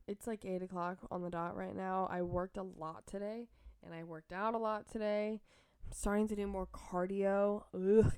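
Young woman vlogger, smooth clear voice, dry close sound, chatty and rambling. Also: mid-range voice, dry recording. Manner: chatty, filler-heavy, laughs often. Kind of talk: rambling casual monologue.

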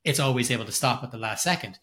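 A man's voice: mid-range voice, animated, quick pace, a bit bright. A man co-hosting a podcast, chatting casually and enthusiastically about a film, rambling with frequent restarts. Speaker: podcast co-host.

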